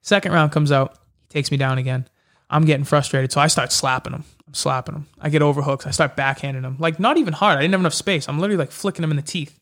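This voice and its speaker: Talking fast in a slightly high voice, a young mixed martial arts fighter, appearing as an interview guest, relates his fight stories casually and with animation, dramatizing the quoted exchanges.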